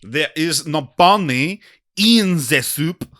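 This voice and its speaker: A man plays an insistent French waiter with a thick French accent and broken English. The voice is bright and forward, and he stays earnest and deadpan however absurd the menu gets. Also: on the high side, takes it slowly, voice pushed up. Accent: put-on thick French accent.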